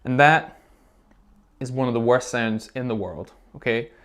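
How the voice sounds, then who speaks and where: A man's voice: medium pitch, a little slow, fairly bright tone, smooth. A male music teacher leading a recorder lesson video for children. He explains things patiently, step by step, and often checks in with "okay?". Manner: encouraging, checks in with frequent "okay?".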